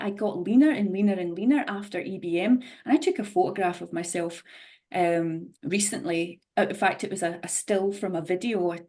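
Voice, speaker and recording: Woman on a zoom call telling her story, mid pitch, candid, kinda rambly. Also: a little mellow. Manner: candid, rambling, restarts often. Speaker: program participant. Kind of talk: sharing a personal story on a video call. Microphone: video call.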